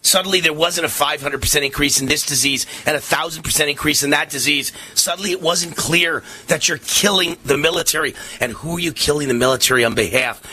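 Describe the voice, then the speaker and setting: A middle-aged man hosting a radio talk show, delivering a fiery, impassioned monologue that rises to shouts, his voice strained from shouting. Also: a little high, husky.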